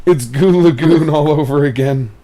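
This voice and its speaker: A young man chats casually over gameplay, retelling a movie in an animated, profane style. His voice sits a little high for a man. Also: moderate pace. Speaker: gaming commentator. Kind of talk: casual gaming chat.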